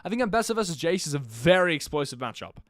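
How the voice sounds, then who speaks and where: A man's voice: fairly high pitch, fast talker, dry recording, studio quality. Chatty young man casting esports live. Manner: chatty, jokey asides, energetic play-by-play. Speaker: streamer co-casting an esports match. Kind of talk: casual live-stream commentary.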